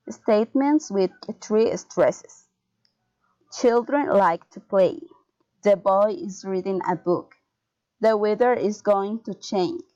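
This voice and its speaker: A woman reading English pronunciation and intonation drills aloud, word by word, in a slow, careful manner. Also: mid-range voice, a little mellow. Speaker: student. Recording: dull lo-fi sound.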